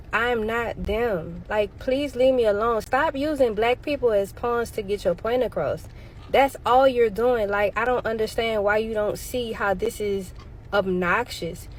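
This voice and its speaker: A woman's voice: medium pitch, a little hiss or hum. A woman creator talking straight to her viewers, exasperated and defensive. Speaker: social media creator. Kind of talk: direct-to-camera video clip.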